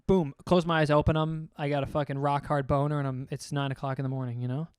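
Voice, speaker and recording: A man with a fairly high, smooth voice, trading loose, crude jokes as a podcast co-host. He rambles through his stories in a relaxed, casual way. The sound is dry and close. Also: fast, dry recording. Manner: rambling, crude, joking banter. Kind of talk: casual chat.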